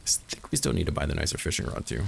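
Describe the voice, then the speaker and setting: A man's voice: very deep voice, big pitch swings, rapid-fire, gravelly, background noise. A man casually commentating a farming game as he plays, thinking aloud and dropping dry, self-mocking jokes. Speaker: gaming channel host. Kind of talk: casual let's-play commentary.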